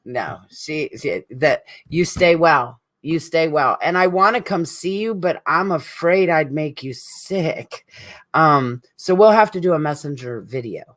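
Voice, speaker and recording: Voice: mid-range voice, animated, measured pace, fairly bright tone. A middle-aged speaker, giving an emotional, rambling tribute straight to an absent friend at a support group meeting. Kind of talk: heartfelt spoken tribute to a friend.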